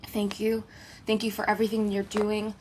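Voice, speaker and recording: A woman's voice: medium pitch, monotone, moderate pace, slight background noise. Reverent woman channeling spiritual gratitude. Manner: reverent, litany-like gratitude with playful asides; drops to a hushed whisper at times.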